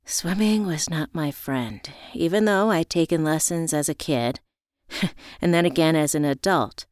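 A woman narrating a first-person story in a reflective, measured way. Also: low voice, a little mellow, no echo, clean studio sound.

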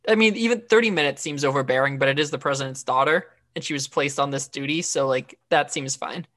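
A woman's voice: low voice, fast talker, a bit bright. A woman co-hosting a podcast, recapping an episode in casual chat with lots of fillers and restarts. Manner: chatty, frequent fillers and restarts. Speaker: podcast co-host.

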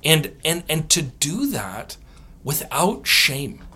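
Guy theologian telling stories on a podcast, bright slightly husky voice, jumps all over in pitch, laughs a lot. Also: slow pace. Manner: animated, laughs often, acts out quotes. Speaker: guest author and theologian. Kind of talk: podcast interview, storytelling answers.

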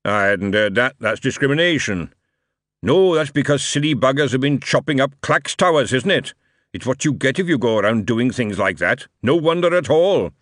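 A man voicing a loud, blunt dwarf in a bar. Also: mid-range voice, animated, normal speed, no room sound, studio quality, close to an everyday voice. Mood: argumentative. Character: gruff male dwarf drinker, blunt, argumentative.

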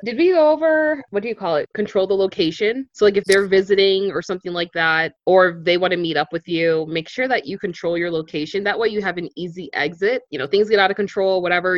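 A woman's voice: lowish voice, quick pace, hardly any pauses, no echo, highs cut off. A woman co-hosting a podcast in casual, frank chat, laughing often over a remote recording. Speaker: podcast co-host.

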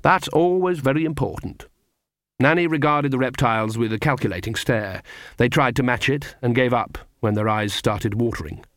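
A man reading a comic fantasy novel aloud in measured, scripted narration. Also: mid-range voice, fairly bright tone, no room sound, studio quality. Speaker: audiobook reader.

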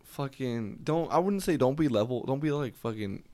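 A man's voice: medium pitch, expressive, normal speed, darkish tone, no echo. A man hosting a podcast, talking in a casual, profane and rambling way. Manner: profane, laid-back, rambling. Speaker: podcast host. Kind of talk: casual chat. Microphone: podcast mic.

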